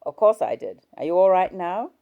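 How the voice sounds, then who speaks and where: A woman's voice: fairly low pitch, animated, normal speed, phone-quality sound, voice pushed up. A woman voicing an irritable, short-tempered young husband in an audiobook reading.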